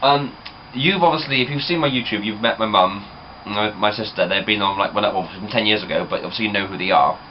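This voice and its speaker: A man's voice: fairly low pitch, brisk, few pauses. Young man, rambling chatty vlog talk, dull audio, noisy background. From England. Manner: chatty, rambling, many fillers. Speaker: vlogger. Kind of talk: casual vlog chat.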